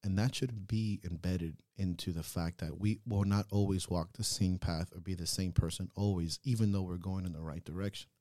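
A man co-hosting a podcast, talking in an earnest, reflective way that swings into loud, laughing rants. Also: deep voice, steady tone, moderate pace, few pauses, no echo, clean studio sound. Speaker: podcast co-host. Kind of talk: casual reflective chat.

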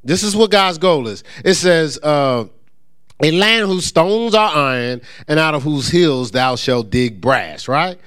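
A male pastor preaching a conversational sermon, joking with the congregation and stumbling into quick repeats and restarts. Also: a little high, smooth. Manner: lively, joking asides to the congregation.

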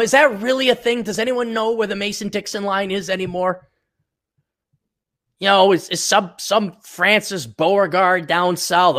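A man's voice: high voice, normal speed, a bit bright. A man hosting a solo podcast, ranting in a profane, sarcastic way and mocking people he disagrees with. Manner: mock voices for people he ridicules. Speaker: podcast host.

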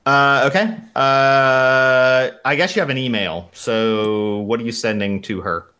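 A man narrating as game master of a tabletop role-playing session in a relaxed, easygoing way. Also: mid-range voice, unhurried, clean tone.

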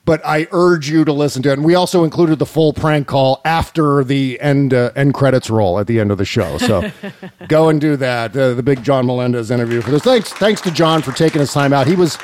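A man hosting a podcast, telling stories in a casual, animated, incredulous way and laughing often. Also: mid-range voice, fairly quick, a little hiss or hum. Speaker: podcast host. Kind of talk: casual chat.

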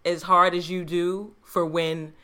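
A young woman from the Bronx with a Bronx accent, co-hosting a podcast in casual chat, full of street slang and loud laughs. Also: lowish voice, level tone, unhurried, clean tone. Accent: Bronx New York. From the Bronx, New York. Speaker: podcast co-host.

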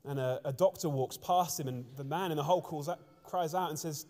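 Male preacher, slightly high voice, earnest storytelling sermon, echoing church hall. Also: fairly quick, a little mellow. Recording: long church reverb.

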